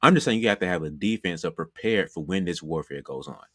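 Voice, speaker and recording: A man's voice: low voice, animated, fast talker, fairly bright tone, no room sound, studio quality. A man giving a motivational basketball coaching talk, conversational and repetitive, often saying "you know". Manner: conversational, repeats phrases, frequent "you know". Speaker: basketball trainer.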